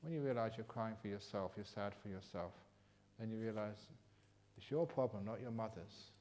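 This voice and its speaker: An older man from England leading a retreat Q&A, teaching in a humorous, teasing way that turns gentle and reflective. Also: fairly low pitch, moderate pace. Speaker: meditation teacher answering questions. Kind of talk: retreat Q&A talk. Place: retreat hall.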